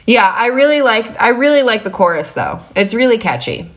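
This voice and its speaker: A woman's voice: a little high, sing-song, brisk. A young woman co-hosting a podcast in casual chat, sarcastic and often laughing. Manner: laughing, sarcastic, reads lyrics aloud mockingly. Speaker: podcast co-host.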